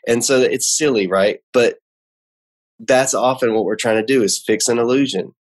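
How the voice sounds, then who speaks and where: This magician, a guest in a laid-back conversation, teaches as he explains, though he keeps faltering, restarting, and using fillers. His voice is medium in pitch and fairly quick.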